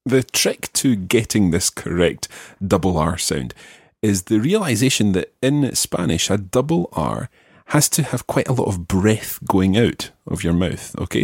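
Deep, creaky male language teacher. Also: darkish tone, dry recording, studio quality. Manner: patient, explanatory, models sounds slowly; self-deprecating. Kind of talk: teaching pronunciation.

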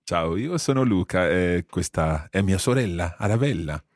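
A man playing a friendly young Italian man chatting with a tourist, speaking slowly and clearly for learners. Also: sits low, animated, no echo, clean studio sound.

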